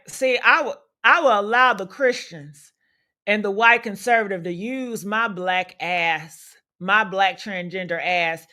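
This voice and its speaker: Pushed and bright in a mid-range voice, a woman running a livestream dishes out loud, unfiltered gossip commentary. She's profane, sassy, and combative, leaning heavily on rhetorical questions.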